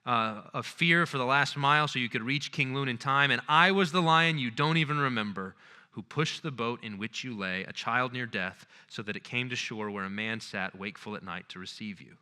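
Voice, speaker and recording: A man reading aloud in a lecture, voicing a great wise male lion who speaks slowly, gently and gravely. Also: mid-range voice, big-room sound. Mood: solemn, revealing. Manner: hushed, slow and tender.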